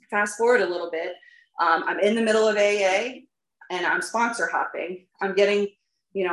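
A woman's voice: medium pitch, fairly bright tone. Candid woman sharing her recovery story. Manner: candid, chatty, lots of fillers; laughs at herself. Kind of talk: personal recovery testimony to a group. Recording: roomy echo.

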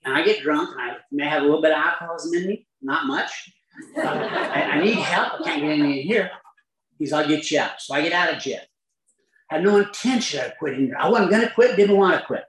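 A man's voice: fairly high pitch, fairly bright tone, reverberant, slight background noise, low-quality recording. An older man tells a recovery story to a live audience with wry, self-mocking humor. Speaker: recovery speaker.

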